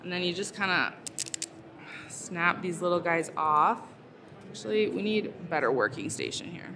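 A woman's voice: lowish voice, moderate pace, crowd noise. A woman chatting casually on a live stream while she makes something, talking in her real voice with lots of fillers like "like" and "so". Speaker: ASMR creator. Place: busy convention hall.

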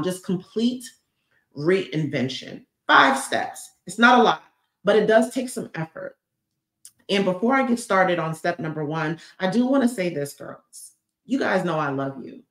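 A woman hosting a motivational live stream, talking in an emphatic, lively and outspoken way. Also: lowish voice, measured pace. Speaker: livestream host. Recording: roomy echo.

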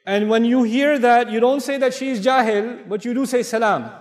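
The audio is distant and reverberant, from a large mosque hall where a middle-aged Islamic lecturer tells anecdotes in an animated, playful way, voicing the dialogue himself. His pitch is extremely high and he talks at a normal speed.

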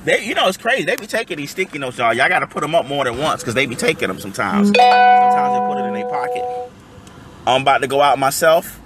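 A man's voice: mid-range voice, very animated, quick pace, over loud music. A man hosting a phone livestream from inside his car, hyped and chatty, laughing often and calling his viewers y'all. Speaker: livestream host. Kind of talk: excited livestream chat to viewers.

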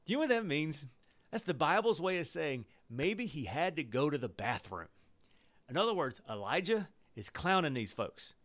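A man teaching a Bible study, reading scripture aloud and stopping to explain it in casual, joking asides. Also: a little high. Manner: lively and playful, laughing at the story and using slang asides; pauses the reading to explain in plain words.

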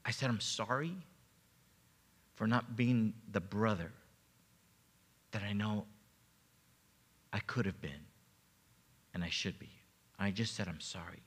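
A man's voice: on the low side, unhurried, long pauses, slightly rough. A man preaching a sermon as pastor, telling a personal testimony with emotion and stumbling repeats. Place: church sanctuary. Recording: long reverb of a church hall.

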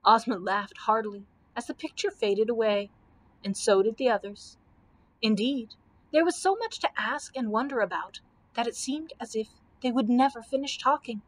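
A woman librarian reading a children's book aloud in a gentle storybook manner. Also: fairly high pitch, poor audio.

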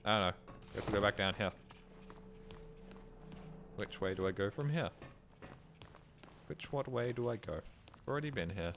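A man livestreams a video game, narrating his play with jokes, frequent swearing, and yelps when something startles him. His lowish voice is animated, at a moderate pace, with vocal fry and long pauses. Game gunfire and clicks sound beneath his commentary.

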